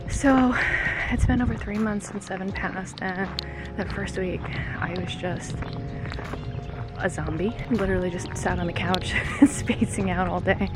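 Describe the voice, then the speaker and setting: A woman in her forties talks casually on a hiking vlog, chatty and self-deprecating, easily sidetracked. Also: medium pitch. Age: 40s. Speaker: vlogger. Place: outdoor hiking trail in a park.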